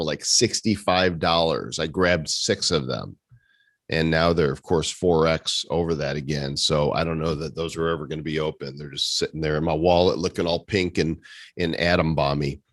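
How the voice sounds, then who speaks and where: A man's voice: a bass voice, moderate pace, no echo. A man hosting a casual community meeting over a video call, teasing his co-hosts with sarcastic jokes. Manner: joking, teasing, sarcastic banter. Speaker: host.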